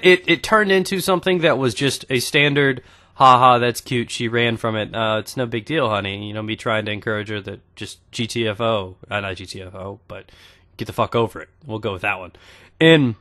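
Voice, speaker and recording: Brief: young man, twenties, gaming commentator, animated and crude, pitch jumping all over while he rambles. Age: 20s. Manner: crude joking, animated storytelling. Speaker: gaming YouTuber. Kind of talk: gameplay commentary with storytelling.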